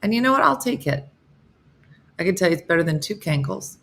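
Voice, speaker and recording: A woman's voice: lowish voice, lively intonation, a little fast, a bit bright. A woman in her fifties hosting a casual live morning chat, joking and answering viewers by name. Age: 50s. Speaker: host of a live morning show. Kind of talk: casual live-stream chat reading comments.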